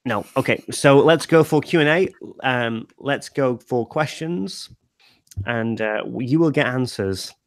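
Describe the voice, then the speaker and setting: A man's voice: mid-range voice, measured pace, no room sound, clean studio sound. Tipsy man rambling as livestream host. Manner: rambling with many fillers and restarts. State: tipsy, slurring. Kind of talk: casual group livestream chat.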